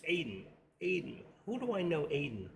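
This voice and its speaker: A man's voice: a little high, huge pitch swings, moderate pace, vocal fry, a bit bright, slight background noise. A middle-aged man with a New York accent, chatting casually on his trading live stream and reading viewer comments aloud.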